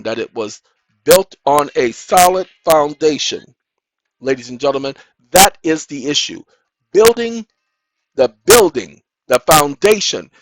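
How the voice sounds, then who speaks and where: A man hosting his own channel, talking in an emphatic, preaching-style monologue that keeps calling out to "ladies and gentlemen" and climbs into loud, insistent bursts. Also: fairly high pitch, a little hiss or hum, low-quality recording. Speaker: channel host.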